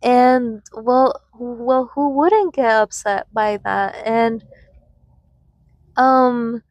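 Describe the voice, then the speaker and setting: Young adult woman vlogger, unhurried and meandering, a touch high-pitched, casual personal storytelling. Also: a little mellow, no room sound, dull audio. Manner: rambling, many filler words and restarts.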